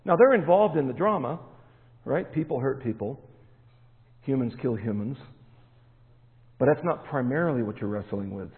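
A man's voice: medium pitch, expressive, moderate pace. Man preaching in an echoey hall. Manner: emphatic, rising to stressed words. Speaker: pastor. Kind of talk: sermon. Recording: echoey hall, tinny phone-like sound.

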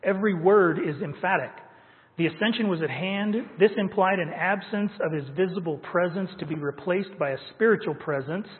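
A man's voice: high voice, normal speed. A man preaching a sermon as pastor, emphatic and stressing key words. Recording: tinny phone-like sound with long hall reverb.

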